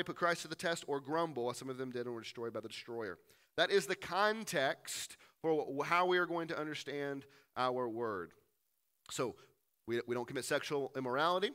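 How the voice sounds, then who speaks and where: A man's voice: fairly high pitch, expressive, moderate pace, fairly bright tone. A man preaching a teaching sermon, reading verses aloud and asking rhetorical questions. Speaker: pastor. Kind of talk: sermon, teaching through scripture.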